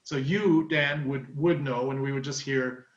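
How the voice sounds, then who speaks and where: A man's voice: mid-range voice, steady tone, a little slow. A man co-hosting a casual video call chat, curious and asking short questions. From Germany. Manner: curious, asks short questions, repeats himself. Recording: roomy, dull lo-fi sound.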